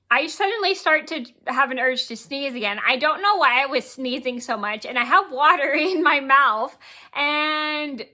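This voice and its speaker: Late-20s woman vlogger, high bright voice, rambling casual story, frequent self-corrections and giggles. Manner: rambling, repeats words and corrects herself; giggles while telling the story.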